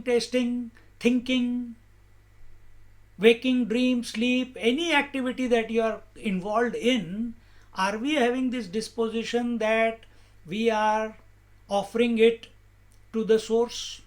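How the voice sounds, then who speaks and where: A man speaks in a strikingly high voice as a spiritual teacher. He gives a calm discourse and leans on rhetorical questions. His pace is measured and his points are made with emphasis.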